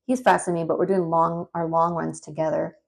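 Low-pitched gravelly woman telling a story. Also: fairly quick. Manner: chatty and animated, many fillers, rambling asides. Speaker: storyteller sharing a personal health story. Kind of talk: casual personal storytelling.

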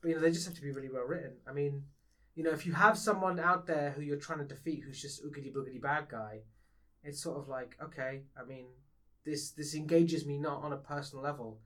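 A man co-hosting a casual podcast chat, animated and laughing often, swinging between loud and soft. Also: on the high side, fast talker. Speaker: podcast co-host.

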